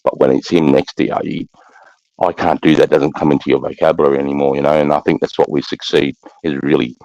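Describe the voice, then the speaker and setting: A man's voice: very deep voice, little pitch movement, fast, a little mellow, no room sound. An Australian man, an army veteran, telling war stories in a blunt, profane way and calling everyone mate. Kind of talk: casual war storytelling. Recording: dull muffled recording.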